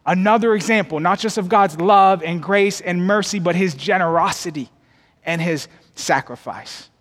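High-voiced preacher in a reverberant hall. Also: male voice, moderate pace. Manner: expressive preaching, climbs higher and louder for emphasis; folksy, addresses the congregation as y'all. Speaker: pastor. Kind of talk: sermon.

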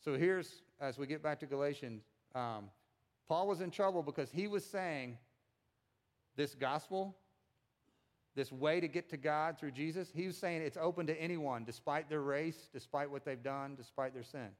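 A man preaching a sermon as pastor in a conversational, animated way. He repeats words when making a point and acts out quotes with big swings in pitch and loudness. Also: moderate pace.

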